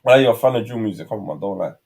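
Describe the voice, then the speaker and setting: A man's voice: fairly low pitch, animated, vocal fry, darkish tone, slight background noise. Teasing young British man. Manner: teasing, slangy, quick-fire. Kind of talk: casual banter on a live stream.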